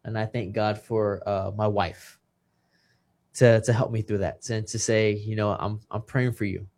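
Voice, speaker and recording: A man's voice: lowish voice, flat delivery, a little slow, a little mellow. A man in his thirties, a retired boxer, telling his story in a casual interview with emotion and repeated words. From Texas.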